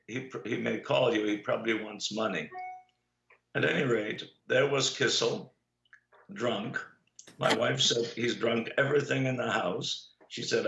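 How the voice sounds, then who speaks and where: An older man with a low, gravelly voice tells long anecdotes at an unhurried pace, stopping often on "uh". The recording sounds echoey and dull, like a lo-fi room capture. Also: a bit bright. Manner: unhurried anecdotal storyteller, many "uh" pauses. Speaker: guest, Holocaust survivor. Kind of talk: storytelling in an interview.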